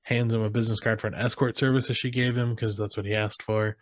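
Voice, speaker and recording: A man's voice: fairly low pitch, flat delivery, fast talker, no room sound, clean studio sound. A man co-hosting a podcast, casually retelling movie scenes and quoting the characters' lines. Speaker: podcast co-host. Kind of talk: casual movie recap chat.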